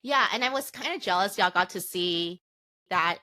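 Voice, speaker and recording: A young woman co-hosting a casual podcast, her bright voice recorded dry and close. She reacts warmly, laughs often and chimes into the story. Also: lowish voice, lively intonation, moderate pace, dry recording. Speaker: podcast co-host. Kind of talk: casual chat.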